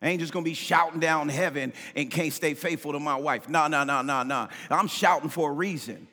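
A man preaching a sermon as pastor, impassioned, swinging between shouts and sing-song cadences. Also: fairly high pitch, fairly quick, long reverb tail. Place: church sanctuary.

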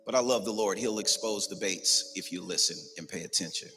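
A man's voice: sits low, fairly quick, bright, forceful tone. A man preaching a sermon in a church, passionately driving his points home and repeating phrases for emphasis. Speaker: pastor. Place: church sanctuary. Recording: long reverb in a large hall, faint music behind.

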